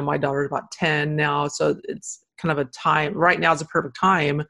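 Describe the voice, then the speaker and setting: A woman hosting a podcast, agreeing warmly and asking follow-up questions. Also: sits low. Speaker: podcast host. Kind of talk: interview conversation.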